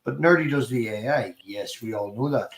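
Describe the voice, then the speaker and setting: Excitable man hosting a chat. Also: mid-range voice, creaky, reverberant, low-quality recording. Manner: excitable, quick to tease. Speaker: host. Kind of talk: casual chat on a stream.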